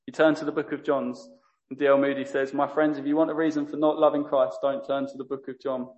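A man's voice: mid-range voice, flat delivery, fast, a little mellow, muffled recording. A man preaching a sermon in an earnest manner, often stopping to correct himself. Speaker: lay preacher.

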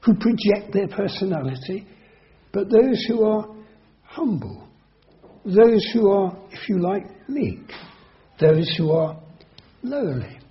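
High-voiced preacher, lo-fi recording. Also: male voice, big pitch swings. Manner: earnest, measured teaching with emphatic repetition and slowed key words. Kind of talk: sermon. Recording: dull lo-fi recording.

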